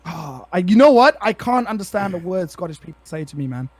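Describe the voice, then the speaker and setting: A man's voice: high voice, sing-song, fairly quick, breathy edge. A young South African man with a South African accent, a streamer chatting casually as a podcast guest, laid-back and slangy, calling people bro.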